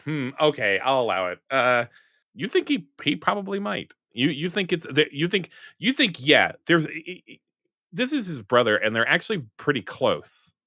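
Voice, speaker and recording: Male game master, rambling narration, bright voice, lively pitch. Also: normal speed, dry recording, clean studio sound. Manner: rambling, full of fillers and self-corrections.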